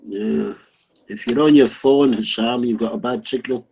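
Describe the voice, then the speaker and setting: A man hosting casual online chat, teasing and prodding people by name, with a husky voice. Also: medium pitch, fairly even intonation, measured pace, mellow. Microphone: online voice call. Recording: dull lo-fi online call.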